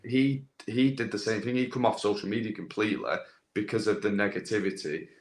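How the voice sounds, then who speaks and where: A lowish, fairly quick male voice belongs to a young podcast guest who runs a landscaping business and has a social media following. His casual chat wanders, with lots of fillers and restarts.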